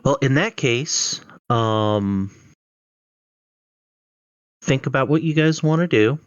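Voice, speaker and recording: Brief: male dungeon master, slow and deliberate, low voice, dry muffled mic. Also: lively intonation, smooth, no room sound. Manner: measured, hesitant with fillers. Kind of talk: running an online tabletop game.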